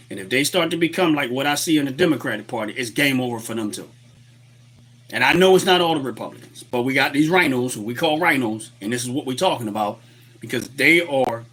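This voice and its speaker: Fired-up and repetitive, a political livestream host rants heatedly, greets viewers, and reads their chat messages aloud from his desk webcam setup. He has a mid-range voice with a fairly bright, slightly rough tone.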